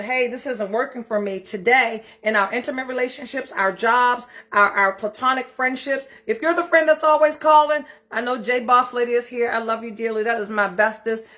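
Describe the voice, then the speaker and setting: Middle-aged female host with a fairly high voice, blunt and emphatic, cussing freely in a casual motivational talk. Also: bright, forceful tone. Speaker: self-care challenge host.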